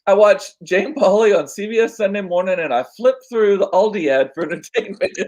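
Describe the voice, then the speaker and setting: A man hosting a casual chat, rambling with lots of fillers, a bit hoarse as he loses his voice. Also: high-pitched, a little fast, a little mellow, rough recording. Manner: chatty, rambling with frequent fillers. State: losing his voice, coughing. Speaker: podcast host.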